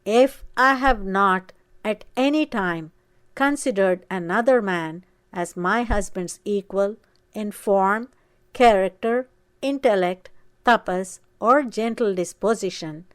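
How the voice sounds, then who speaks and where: A woman reading aloud voices the devoted, saintly wife of an ancient sage, speaking slowly and emphatically. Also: medium pitch, clean tone, no room sound, lightly acted. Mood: solemn vow. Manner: solemn, slow and emphatic.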